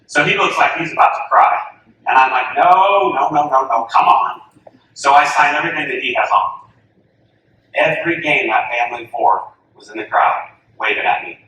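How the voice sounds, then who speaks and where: Animated man telling a story in a big hall. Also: mid-range voice, normal speed. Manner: animated storyteller, acting out quoted voices. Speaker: softball coach giving a talk. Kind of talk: storytelling speech to an audience. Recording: echoey hall from far off, faint room noise.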